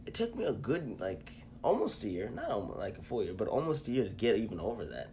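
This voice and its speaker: Low-voiced man telling a story. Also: very animated, dark tone, a little hiss or hum. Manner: storytelling, halting with fillers and restarts. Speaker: podcast co-host. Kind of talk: casual chat.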